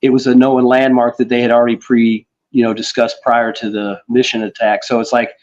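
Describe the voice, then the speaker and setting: A man's voice: mid-range voice, level tone, brisk, darkish tone. A man in casual political chat, talking in a loose, rambling way with frequent fillers and casual swearing. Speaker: podcast co-host. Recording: slightly dull lo-fi audio.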